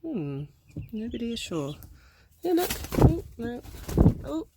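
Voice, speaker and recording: Gravelly woman coaxing her backyard birds. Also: fairly high pitch, sing-song, slow pace, background noise. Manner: coaxing, chatty baby-talk to animals. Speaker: backyard poultry keeper. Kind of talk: casual vlog chatting to her birds. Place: outdoors by a backyard chicken coop.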